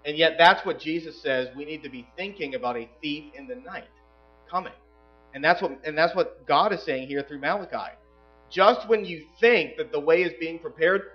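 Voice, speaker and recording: A man preaching a sermon as pastor, emphatic, swinging between loud passages and hushed asides. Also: a little high, lo-fi sound.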